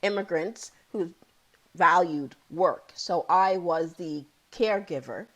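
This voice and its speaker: A woman's voice: on the low side, slow pace, a bit bright, low-quality recording. A woman in her thirties or forties, a psychotherapist guest, telling her own story candidly and with feeling, often repeating key phrases. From Ontario, Canada.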